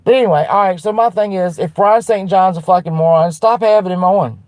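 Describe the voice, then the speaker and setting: A woman hosting a livestream, ranting bluntly with lots of swearing and restarts while answering her chat, then turning soft to apologize. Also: lowish voice, fairly quick, no room sound. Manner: blunt and profane, with frequent restarts; fired-up and defiant, turning soft when apologizing. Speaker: livestream host.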